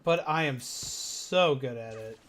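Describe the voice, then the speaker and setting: A man's voice: mid-range voice, slow pace, fairly bright tone. A young man streaming a video game, rambling in casual chat and swearing freely. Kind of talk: casual gaming commentary.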